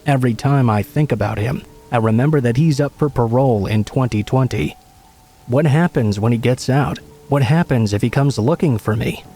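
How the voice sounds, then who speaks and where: A man narrating true scary stories in a steady, measured storytelling voice. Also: medium pitch, soft background music.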